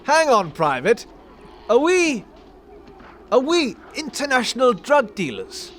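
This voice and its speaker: A pompous, blustering upper-class British army officer, played by a man, with a clipped, posh English accent. His voice sits very high and swings about with lively pitch. Faint outdoor noise hums behind him. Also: slow pace, heavily acted. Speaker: comedy sketch actor. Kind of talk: comedy sketch acting.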